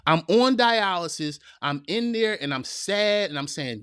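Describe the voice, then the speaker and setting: A man with a slightly high voice gives a heartfelt motivational talk to his listeners. He is folksy and repeats himself for emphasis, calling his audience y'all. The sound is dry and close, with no room around it. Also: animated, unhurried, a bit bright, clean tone, dry recording. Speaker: podcast host.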